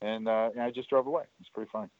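A lowish male voice races along with fairly even intonation over a tinny, phone-like line. The speaker, a former studio worker, is a guest in a casual interview, telling rambling stories about his years there with many fillers and restarts.

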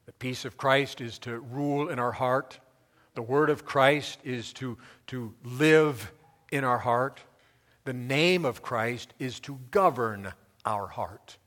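A man preaching a sermon as pastor, emphatic, building his repeated lists up to loud peaks. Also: mid-range voice, slow pace, big-room sound.

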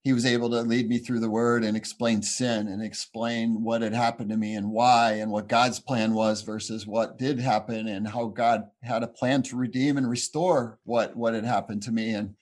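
A man gives a personal faith testimony in a mid-range voice. He speaks earnestly and reflectively, often halting and restarting his sentences as he searches for words. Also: mid-range voice.

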